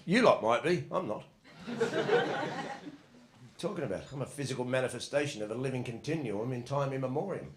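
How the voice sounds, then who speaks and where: Crude Australian comic, lively pitch. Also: male voice, moderate pace, pauses often. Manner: crude, mocking, laid-back storytelling. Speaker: stand-up comedian. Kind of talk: stand-up comedy set. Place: comedy club stage. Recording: echoey live room with loud noise.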